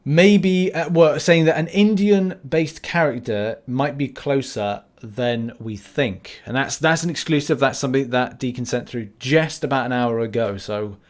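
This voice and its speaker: A man's voice: medium pitch, measured pace, few pauses. A man hosting a casual gaming podcast, jokey and self-deprecating in easy chat. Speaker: podcast host.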